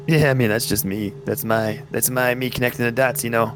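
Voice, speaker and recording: A man's voice: medium pitch, fairly even intonation, a little fast, a bit bright, a little hiss or hum. A man running a tabletop game as game master, talking in a hesitant, rambling way.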